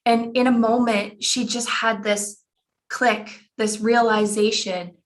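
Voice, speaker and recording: A woman's voice: on the high side, little pitch movement, slow. A woman in her forties, a life coach telling a personal story in an earnest way and repeating phrases for emphasis, over a computer mic on an online call.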